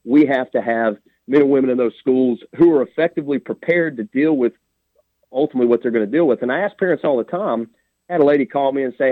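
A man's voice: mid-range voice, fast talker, no echo. A man, a sheriff candidate calling in to a radio show, talking bluntly and plain-spoken. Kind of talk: phone-in radio interview. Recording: tinny dry phone line.

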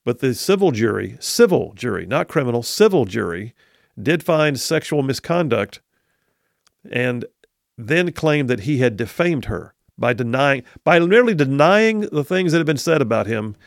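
A man hosting a talk radio show, with a gravelly, creaky voice at a middle pitch. He argues emphatically and scornfully, repeating his points for weight. The sound is dry and close on a studio microphone. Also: big pitch swings, moderate pace, dry recording. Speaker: talk radio host and attorney.

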